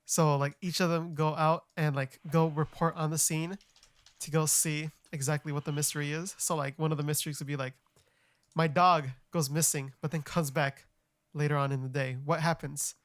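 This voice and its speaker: A young man co-hosting a podcast, explaining things in a relaxed, plain way. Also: fairly high pitch, normal speed, dry recording. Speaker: podcast co-host. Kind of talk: casual podcast chat.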